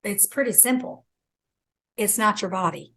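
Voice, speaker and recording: A middle-aged woman, a guest author on a talk show, tells a personal story with lively storytelling and acts out the quoted voices. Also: measured pace, vocal fry, low-quality recording. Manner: acts out quoted speech with big pitch jumps. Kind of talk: animated storytelling.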